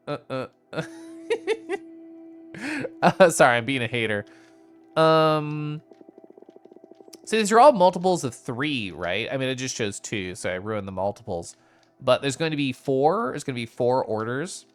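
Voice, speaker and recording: A streamer giving casual live-stream commentary while playing a game, bubbly and giggly with playful squeals. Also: mid-range voice.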